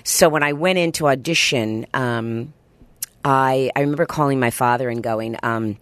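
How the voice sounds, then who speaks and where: A middle-aged woman chatting as a guest in an interview, animated and quick to jump up in pitch. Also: dry recording. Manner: animated, pitch jumps high when excited. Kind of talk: casual interview chat.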